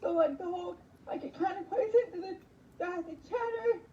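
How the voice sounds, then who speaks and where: Woman, very high voice, mellow tone, halting repeated words, echoey dull recording, faint background noise. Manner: halting, repeating words, slow effortful speech. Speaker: podcast host as guest. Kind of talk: casual interview answers.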